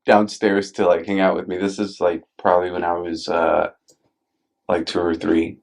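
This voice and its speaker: A man's voice: low voice, flat delivery, normal speed, vocal fry. A man hosting a podcast in a casual chat. He tells stories with many fillers and swears now and then, and acts out quotes in a raised voice. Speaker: podcast host.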